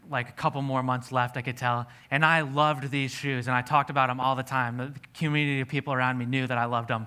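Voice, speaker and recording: A young man preaching to a church, his voice bright and forceful with a smooth, clear tone sitting a little high for a man. He tells personal stories and acts out his own past words with animation. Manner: storytelling, animated when quoting himself. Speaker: pastor. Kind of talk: sermon.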